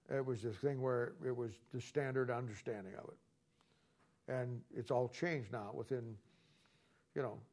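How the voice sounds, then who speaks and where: A man's voice: medium pitch, a little mellow. A man teaching a Bible study as a sermon, combative and mocking, rambling with frequent restarts and repeated words. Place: church or studio with a wall sign.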